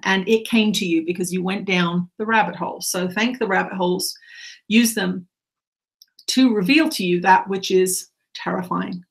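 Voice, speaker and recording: A woman channeling spiritual teachings, speaking in slow, repetitive, earnest instructions. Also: medium pitch, vocal fry.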